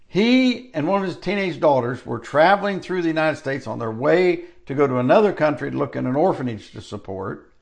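A man's voice: fairly high pitch, lively intonation, fairly quick, vocal fry. An older man preaching a sermon in a conversational, storytelling way, stretching out key phrases for emphasis.

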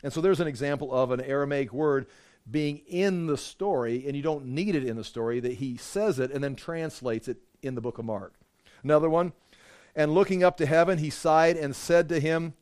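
A man's voice: medium pitch, a little mellow, clear, resonant tone. A man teaching an informal Bible lesson, talking conversationally with many fillers and restarts and reading verses aloud with emphasis.

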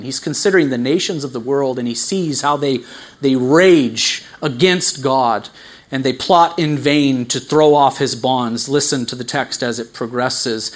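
A man delivers an expository sermon in a steady, mid-pitched voice. He builds to emphatic, louder peaks on key lines and sinks to soft asides, often restarting his words. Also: a little slow. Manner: earnest expository preaching, rising to emphatic peaks, dropping to quiet asides; some stammered restarts. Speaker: preacher.

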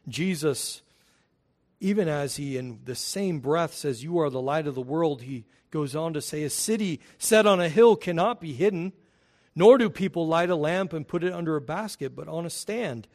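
A male pastor delivering a sermon in a somewhat high voice. He preaches with emphasis, putting questions to his listeners and moving between loud, pressing lines and quieter ones. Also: expressive, normal speed. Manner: emphatic preaching with wide swings in volume; rhetorical questions to the congregation.

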